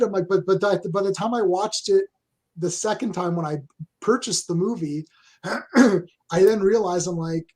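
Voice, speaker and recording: A man hosting a casual pop-culture podcast, rambling through stories, clearing his throat often and laughing at his own anecdotes, over a home video call. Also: sits high, normal speed, darkish tone. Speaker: podcast host. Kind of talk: casual chat.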